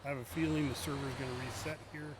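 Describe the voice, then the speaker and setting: A man's voice: mid-range voice, fairly even intonation, fast, noisy background. A man streaming a driving game, chatting casually and cracking jokes at his own puns. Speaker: gaming streamer. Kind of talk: casual live gameplay chat.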